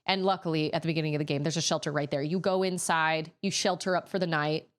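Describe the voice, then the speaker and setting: A woman's voice: low voice, steady tone, fast. A woman streamer chatting casually to her audience in a rambling way, often laughing. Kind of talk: casual chat on a gaming stream.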